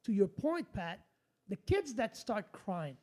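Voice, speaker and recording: Blunt, animated man. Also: high voice, slow. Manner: animated and blunt, swears freely, restarts sentences. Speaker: podcast host. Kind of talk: casual storytelling.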